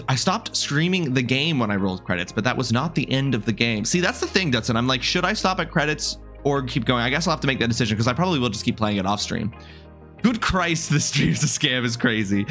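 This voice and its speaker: A young adult man streaming a video game and talking casually with his chat. He jokes a lot, welcomes viewers by name and often restarts or drifts off mid-thought. Faint music plays softly behind him. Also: medium pitch. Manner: chatty and joking, greets viewers by name, wanders off mid-sentence.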